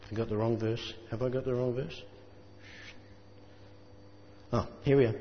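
A man preaching a sermon, chatting to the congregation with asides and reading scripture aloud, slowing down for emphasis. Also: medium pitch, steady tone, a little hiss or hum. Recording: dull sound with long reverb in a hall.

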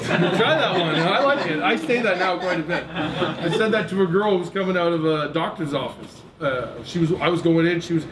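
A man's voice: sits high, a little fast, few pauses. A man preaching in a storytelling way, laughing often and acting out what people said. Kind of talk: storytelling sermon. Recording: echoey room, mic far off, noisy.

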